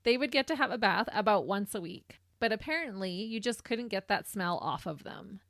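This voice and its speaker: A woman co-hosting a true crime podcast, reading the case in measured narration with a laugh now and then. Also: mid-range voice, expressive, a bit bright, dry recording, studio quality. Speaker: podcast co-host.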